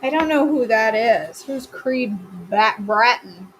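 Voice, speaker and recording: A woman's voice: on the high side, animated, slow pace, slight background noise, rough recording. A woman hosting a live cooking stream from her home kitchen, chatting casually and answering viewers by name with playful, self-mocking humor.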